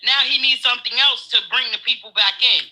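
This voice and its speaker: A man's voice: very high-pitched, fairly quick, pushed and bright, rough recording. A man co-hosting a casual political chat, profane and heated, laughing as he rants. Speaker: co-host.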